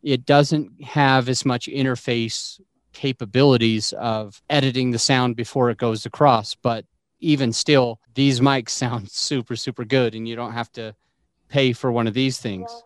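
A man's voice: mid-range voice, fairly even intonation, unhurried, no echo. A man hosting a podcast over a remote call, chatting casually and laughing often as he explains recording gear. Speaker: podcast host. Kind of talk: casual chat.

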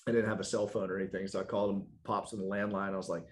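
Casual male storyteller, lower voice, animated, laughs easily, plays out every character in his anecdote. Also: racing. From South Carolina, US. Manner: animated, laughs often, acts out quoted lines. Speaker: guest telling a story.

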